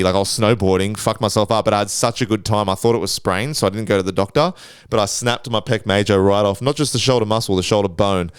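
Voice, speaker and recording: A man's voice: on the low side, smooth, dry recording, clean studio sound. A young man hosting a podcast, telling rambling travel stories in a laid-back, profane way. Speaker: podcast host. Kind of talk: casual storytelling.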